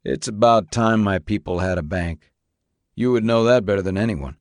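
A man's voice: on the low side, normal speed, no echo, clean studio sound, close to an everyday voice. A man narrating as a desperate, outraged man pleading for help. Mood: wry. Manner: raised, pleading.

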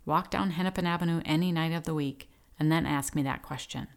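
A woman's voice: low voice, a little fast. A woman voicing a crude, drunk middle-aged male judge who slurs and barks. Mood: drunk gruff. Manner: slurred, gruff barking.

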